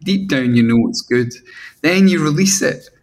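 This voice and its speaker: A middle-aged frontman and songwriter speaks candidly in a relaxed interview, his voice a little high and animated. He keeps halting and restarting sentences, poking fun at himself by voicing his own inner critic.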